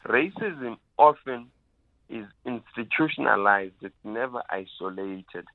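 Hoarse young man on a phone line. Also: mid-range voice, lively intonation, no echo. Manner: deliberate, emphatic, with many pauses. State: hoarse with flu. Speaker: student union spokesperson. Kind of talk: radio interview guest.

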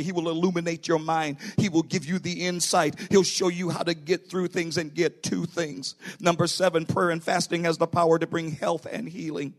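A middle-aged man preaching a sermon in a church as pastor, building to emphatic bursts. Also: fairly high pitch.

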